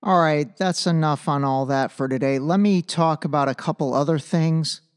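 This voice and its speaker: A man's voice: fairly high pitch, normal speed, clean tone. Chatty male podcast host, reverberant room. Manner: loose, chatty, jokey asides. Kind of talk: casual solo podcast commentary.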